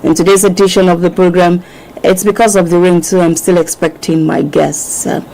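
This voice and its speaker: A Nigerian woman hosting a casual radio talk show, chatty and quick to laugh. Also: fairly low pitch, level tone, gravelly, warm tone, a little hiss or hum, poor audio. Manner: chatty, laughs often, mixes in Yoruba phrases. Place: radio studio.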